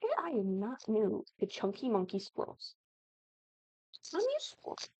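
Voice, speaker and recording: A young woman from the Midwest talks through a game build in a chatty, animated way, breaking into excited exclamations. Her voice sits a bit high with a gravelly fry, and the recording is dry and slightly dull, as if from a desk mic. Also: moderate pace, dry recording. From American Midwest. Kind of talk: casual gaming commentary.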